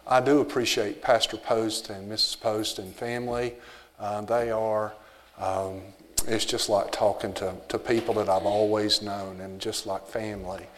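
A man's voice: lowish voice, level tone, unhurried, long reverb tail. A man with a Southern US accent, a visiting missionary giving an easygoing, informal talk to a church congregation. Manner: easygoing, folksy, with frequent fillers. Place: church sanctuary.

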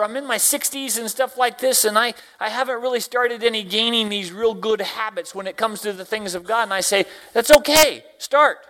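A man preaching a sermon, a deacon and Sunday school teacher who quotes scripture slowly and swings from hushed lines to loud exclamations. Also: high-pitched. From Tennessee, US. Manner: quotes scripture in slow, drawn-out phrasing.

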